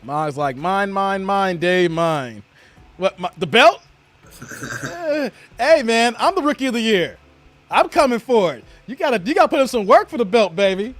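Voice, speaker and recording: A man's voice: sits high, very animated, normal speed, fairly bright tone, dry recording, soft background music. A man hosting a late-night livestream, casually chatting and reading viewer comments aloud in a laid-back, slangy way. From United States. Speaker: livestream host.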